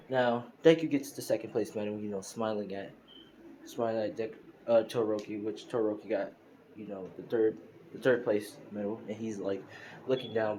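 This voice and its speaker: Over a noisy background, a man with a fairly low voice casually improvises a fan story, loose, rambling, and full of filler. It was recorded on a phone mic as a screen recording.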